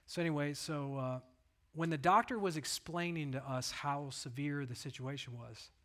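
A middle-aged pastor giving a conversational sermon, telling stories in an earnest, plain way. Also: male voice, fairly high pitch, normal speed, fairly bright tone.

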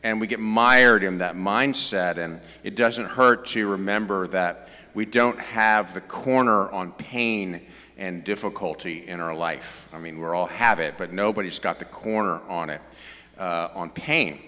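A man's voice: low voice, a little slow, bright, forceful tone, in a large hall. A middle-aged man with a Southern US accent, preaching a conversational sermon with joking asides. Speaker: pastor.

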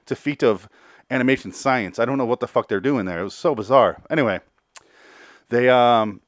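A man's voice: mid-range voice, brisk, no room sound, studio quality. Profane sarcastic man reviewing cartoons. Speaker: podcast host reviewing cartoons. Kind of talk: casual review chat.

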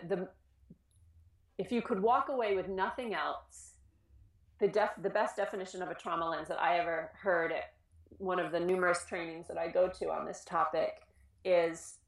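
A woman who works with children in schools, giving an informal talk on trauma, earnest and animated, often restarting her sentences. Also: lowish voice, echoey room. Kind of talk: informal educational presentation.

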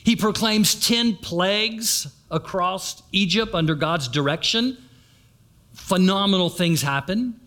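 A man's voice: high-pitched, slow pace, sharp tone. A man preaching a sermon, retelling a story and turning to the congregation with asides. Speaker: pastor.

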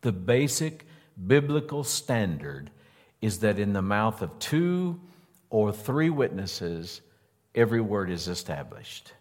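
A man's voice: on the low side, very animated, takes it slowly. A man preaching a sermon in an earnest way, driving points home by repeating phrases. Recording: long hall reverb.

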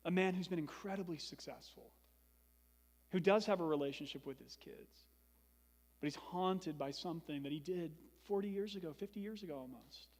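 A man's voice: fairly high pitch, normal speed, a little mellow, big-room sound. A young man preaching a sermon as pastor, earnest and building to emphatic repetition.

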